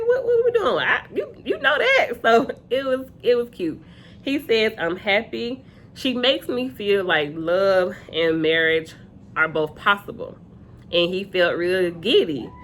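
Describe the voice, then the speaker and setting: A young woman with a somewhat low voice, talking through a dating show episode in a relaxed, chatty vlog manner. She leans on fillers like "um" and "you know" and slips into quoting people. A faint hiss sits behind her voice. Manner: chatty, filler-heavy, quotes cast members. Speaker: reality TV reviewer. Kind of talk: casual recap vlog.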